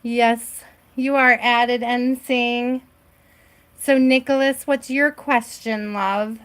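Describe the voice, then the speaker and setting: Slow-talking, reassuring woman tarot reader. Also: a little high, steady tone, a bit bright. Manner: chatty, reassuring, often asks "right?". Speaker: tarot reader hosting a live stream. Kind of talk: casual live-stream chat. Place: at home.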